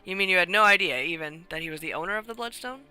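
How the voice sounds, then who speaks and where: Courteous probing inspector for a mystery game, read by a streamer, formal phrasing, bright tone. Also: medium pitch, lively intonation, quick pace, clear, resonant tone, faint music behind. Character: polite, probing detective inspector.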